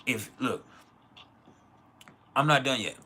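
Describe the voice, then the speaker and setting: A man's voice: medium pitch, animated, slow, bright, forceful tone, a little hiss or hum. A man from West Texas, hosting a casual livestream and giving blunt, profane opinions while answering chat. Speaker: livestream host.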